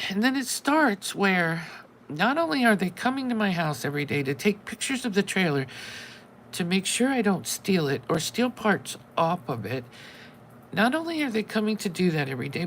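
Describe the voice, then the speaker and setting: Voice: mid-range voice, very animated, moderate pace, fairly bright tone, slight background noise, rough recording. A channel host telling a long story in casual live-stream chat, acting out both sides of each conversation with wry exasperation.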